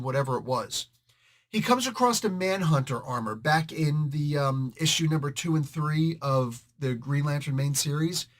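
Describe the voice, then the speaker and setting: A man hosting a casual comic book review video, joking and animated and talking straight to his viewers. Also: a little high.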